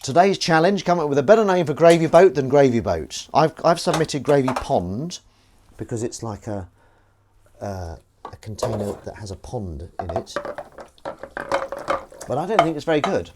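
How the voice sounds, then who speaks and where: A man's voice: medium pitch, moderate pace, very noisy. A man live-streaming as he washes dishes at his kitchen sink, rambling wryly to his viewers as he goes. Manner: chatty, wry, talks while doing chores. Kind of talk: rambling casual chat to viewers.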